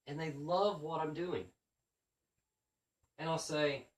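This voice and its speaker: A man's voice: fairly high pitch, takes it slowly, long pauses. A man, a children's book author, casually telling stories about his school visits and acting out how he talks to the kids. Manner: animated, acts out his classroom patter to kids. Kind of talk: casual storytelling monologue. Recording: roomy sound from a distant mic.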